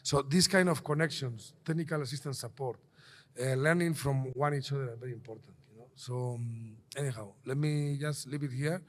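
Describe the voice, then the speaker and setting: A man speaking on a conference panel, halting, with frequent restarts and fillers. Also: medium pitch.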